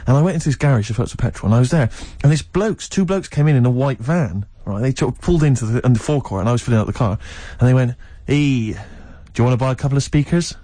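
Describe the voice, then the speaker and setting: A young man telling a lively story in casual chat, laughing often and acting out the voices of the people in it. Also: medium pitch, rapid-fire, few pauses, no echo. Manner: animated, laughing often, acts out quoted voices. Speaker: storyteller guest.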